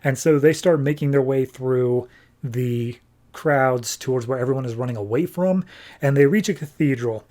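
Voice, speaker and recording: A man hosting a comics podcast, recapping story beats in a loose, chatty way. His pitch sits in the middle, nothing showy. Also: moderate pace, dark tone. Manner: loose, chatty retelling with fillers like "like". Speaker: podcast host. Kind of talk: casual comic book recap.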